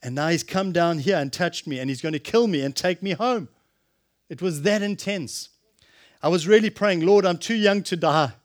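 A man preaching a sermon, impassioned, swinging from loud exclamations to hushed, earnest tones. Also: on the high side, moderate pace.

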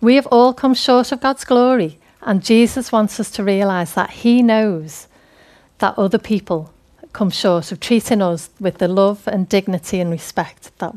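A woman's voice: medium pitch, unhurried, darkish tone. A woman giving a conversational, earnest sermon. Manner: conversational, earnest, laughing often. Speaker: preacher.

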